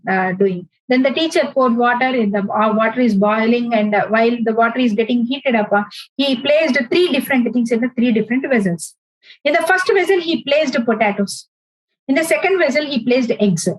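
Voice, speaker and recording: Woman instructor, higher voice, dry close sound, stop-start delivery full of fillers. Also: dry recording, rough recording. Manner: halting, many fillers and restarts. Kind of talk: informal career lecture.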